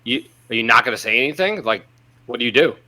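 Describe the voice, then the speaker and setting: Bright-voiced man laying out a scenario. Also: medium pitch, lively intonation, quick pace. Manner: rambling, hypothetical, hesitant. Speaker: podcast co-host. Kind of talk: casual podcast chat.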